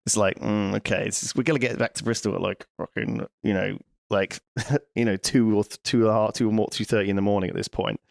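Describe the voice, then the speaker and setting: A man's voice: lowish voice, steady tone, quick pace, creaky, dry recording, studio quality. A man in casual podcast chat, telling a long story with rambling restarts, swearing and laughter. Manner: rambling, swears freely, laughs through anecdotes. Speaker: podcast co-host.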